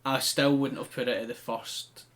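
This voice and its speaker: Man, mid-pitched voice, casual podcast chat, rambling storyteller. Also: steady tone, moderate pace, fairly bright tone. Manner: chatty storyteller with frequent "um" and "like". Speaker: podcast co-host. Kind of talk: casual chat, recapping a wrestling show.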